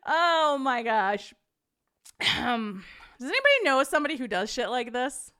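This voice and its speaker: Young woman host, slightly high voice, laughs a lot, casual live-chat storyteller. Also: slow pace, pauses often, clean tone. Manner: laughs often, animated storytelling. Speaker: podcast host reading stories.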